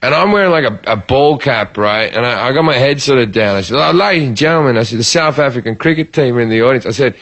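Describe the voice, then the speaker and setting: A man's voice: medium pitch, fast, hardly any pauses. An Australian man, a comedian, telling a profane story in casual podcast chat and acting out the lines of the people in it. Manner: profane, animated, acts out quoted lines.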